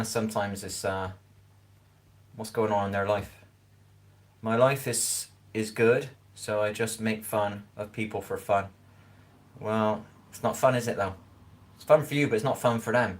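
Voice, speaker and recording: Rambling Scottish man chatting on a live stream. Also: fairly low pitch. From Scotland. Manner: rambling, keeps asking "do you know what I mean". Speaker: livestreamer. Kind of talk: casual live-stream chat. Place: home kitchen.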